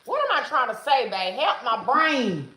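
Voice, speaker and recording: A woman's voice: on the high side, normal speed. Chatty woman hosting a home livestream. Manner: animated, chatty, talks straight to viewers. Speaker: livestream host. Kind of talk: casual livestream chat. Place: family room at home. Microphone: phone camera carried around the room. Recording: echoey room with some noise.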